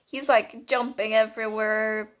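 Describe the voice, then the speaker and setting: A high-pitched young woman chatting through her reaction to an episode. She is giggly and excitable, and her remarks keep tipping into laughter. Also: unhurried. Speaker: reaction video host. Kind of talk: casual reaction commentary.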